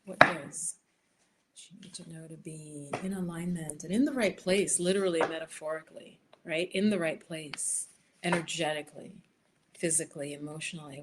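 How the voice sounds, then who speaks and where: A woman's voice: low voice, fairly even intonation, normal speed, very noisy. Chatty woman hosting a card-reading livestream. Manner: chatty, riffing, addresses viewers by name; drops to soft whispers while shuffling and drawing cards. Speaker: livestream host reading cards for viewers. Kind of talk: casual live chat with tarot readings. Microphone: headphones.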